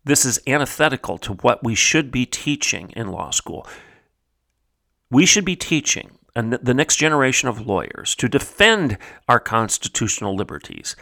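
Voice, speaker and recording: A man from Oklahoma delivers a commentary monologue in a plain, mid-pitched voice. He builds emphasis by repeating phrases, rising in pitch as he presses a point. Then he sinks low and hushed to show disdain. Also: animated, moderate pace, creaky. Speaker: podcast host.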